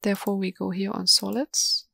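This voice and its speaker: Female webinar presenter, halting and monotone, dry sound with mouse clicks. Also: medium pitch, gravelly, no room sound. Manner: slow, hesitant, many ums and restarts. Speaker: software presenter. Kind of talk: live software demo webinar.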